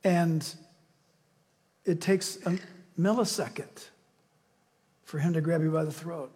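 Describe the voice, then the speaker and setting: A male pastor preaching a sermon with animated storytelling, acting out voices along the way. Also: on the high side, takes it slowly, slightly rough. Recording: long reverb of a large hall.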